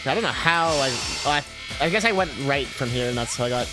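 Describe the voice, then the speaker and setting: A man's voice: medium pitch, expressive, fast. A male livestreamer chatting casually while playing a game, rambling with lots of fillers and swearing freely. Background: game music.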